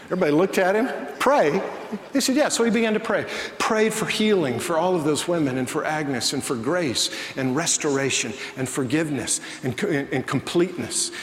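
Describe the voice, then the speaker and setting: A man's voice: fairly high pitch, brisk, few pauses, a little hiss or hum. A man preaching a sermon, telling a story and acting out the voices of the people in it. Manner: animated, acts out quoted voices in the story. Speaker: pastor. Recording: echoey church hall, faint ambience.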